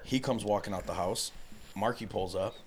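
Low-voiced man telling wild stories. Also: moderate pace, a little hiss or hum. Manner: profane, animated storytelling, acts out voices. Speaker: podcast guest. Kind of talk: casual storytelling.

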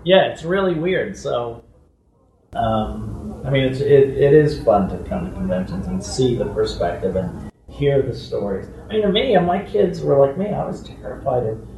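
A man guesting on an interview, telling stories casually and acting out other people's voices with big jumps in pitch. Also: expressive, normal speed, mellow, far from the mic, a little hiss or hum. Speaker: guest actor. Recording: echoey room, off-mic with faint ambience.

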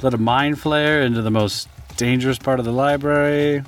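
A man's voice: medium pitch, steady tone, normal speed. A man playing a tabletop game, joking in a wry way with laughter in his voice. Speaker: player. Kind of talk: casual chat.

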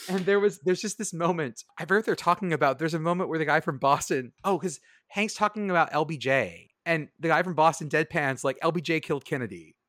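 Man, sardonic podcast co-host, fairly high voice, dry close sound. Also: brisk, hardly any pauses, fairly bright tone, no echo. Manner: sardonic, swears freely, rambling asides. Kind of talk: casual sports chat.

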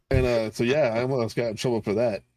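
A middle-aged man swaps stories in loose, foul-mouthed chat, laughing at his own jokes as he goes. His voice sits at an ordinary middle pitch. The sound is close and dry, with no room around it. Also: darkish tone, no echo. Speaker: veteran podcast co-host. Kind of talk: casual storytelling chat.

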